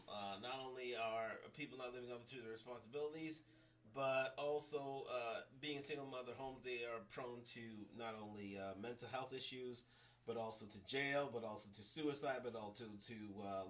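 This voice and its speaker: Bright-voiced man hosting a live stream. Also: mid-range voice. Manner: hesitant, many fillers and restarts, repeats catchphrases. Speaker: host. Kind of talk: live-stream talk show monologue.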